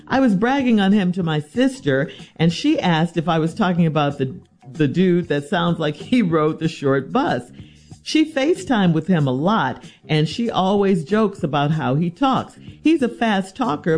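A woman's voice: on the low side, a little mellow. A woman hosting an advice segment, reading a letter and then answering with blunt, incredulous advice. Faint music runs underneath her voice. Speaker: radio advice host.

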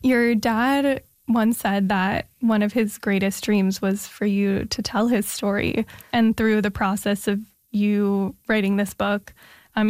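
Lady interviewing a guest, calm thoughtful questions, dry studio sound. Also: medium pitch, dry recording. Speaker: interviewer, host. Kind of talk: conversational interview.

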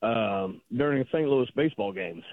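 A man's voice: mid-range voice, animated, normal speed, no echo. A man calling in to a radio talk show, arguing his point with the host. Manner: argumentative, pressing his point. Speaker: radio caller. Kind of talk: phoned-in call to a talk show. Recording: phone line.

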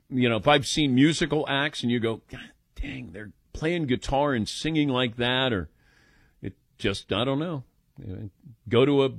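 Older male radio host, lively pitch, dry studio sound, self-deprecating storyteller. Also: no room sound. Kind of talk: call-in radio chat.

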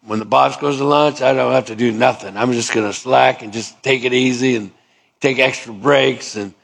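A man's voice: medium pitch, fairly even intonation, moderate pace, vocal fry, a bit bright. A male pastor preaching a sermon in a conversational way, acting out both sides of little dialogues.

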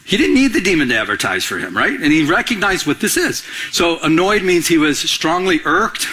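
A man's voice: brisk, slightly rough. A man preaching a conversational sermon as a pastor, asking his listeners questions and acting out what people said. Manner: animated, conversational, asks the audience questions; acts out quoted voices with big pitch swings.

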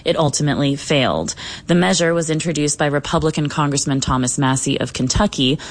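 Deep-voiced woman filing a news report. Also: brisk.

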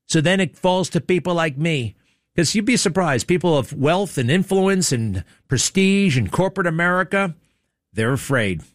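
A man's voice: mid-range voice, no echo, studio quality. A man hosting a talk show, giving blunt, sarcastic, rambling opinion commentary. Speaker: radio talk host.

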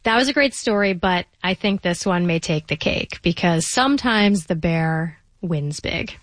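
A woman's voice: lowish voice, animated, unhurried, fairly bright tone, no echo. A female radio host introducing listener stories in a friendly, scripted way.

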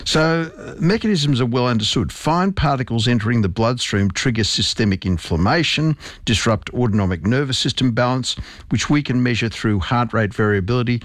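A man's voice: mid-range voice, fairly quick, dry recording. A middle-aged male doctor explaining medical research in an interview, emphatic and precise with technical terms.

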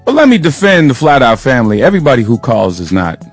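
A man's voice: medium pitch, wildly swooping pitch, fast talker, slightly rough, faint music behind. A man co-hosting a radio talk show, chatty and joking, often restarting his words. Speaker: radio co-host. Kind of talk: casual radio banter.

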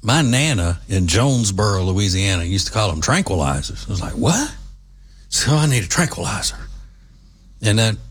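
A man's voice: on the low side, very animated, normal speed, slightly rough. A middle-aged man, hosting a casual commentary monologue in a rambling, folksy, conversational way. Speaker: commentary show host.

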